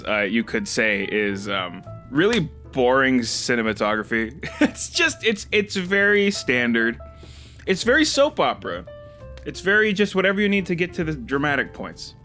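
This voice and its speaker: A male host reviews a show in a casual chat, speaking animatedly, swearing freely and jumping up in pitch when something moves him.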